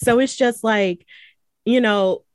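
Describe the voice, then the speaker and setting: A woman's voice: on the high side, slow, clean tone, dry recording. Chatty Alabama woman with many fillers. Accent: Southern US, Alabama. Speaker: guest. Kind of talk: casual chat.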